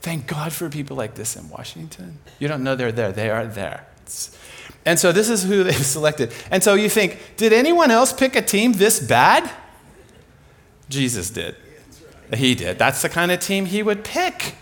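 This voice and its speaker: Animated, laughing male preacher. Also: a little high, normal speed. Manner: animated, comic, laughs while telling stories. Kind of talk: sermon storytelling.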